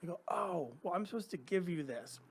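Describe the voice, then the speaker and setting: A middle-aged man on a podcast, casually telling an animated story and acting out the other people's lines. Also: high-pitched, a little fast, a little hiss or hum. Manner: animated anecdotes, acts out quoted voices. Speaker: podcast guest.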